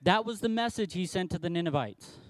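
A man pastor preaching a sermon, telling the story in an animated way and acting out the quotes himself. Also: high voice, a little fast, no room sound.

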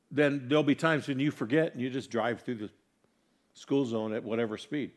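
A man preaching a sermon, earnestly putting questions to his congregation and moving between loud, emphatic lines and soft, quiet ones. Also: mid-range voice, fairly even intonation, moderate pace. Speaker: pastor.

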